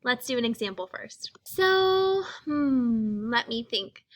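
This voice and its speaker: A woman's voice: high-pitched, animated, slow pace, fairly bright tone. A woman teaching young children a phonics lesson, speaking patiently and sounding out each letter.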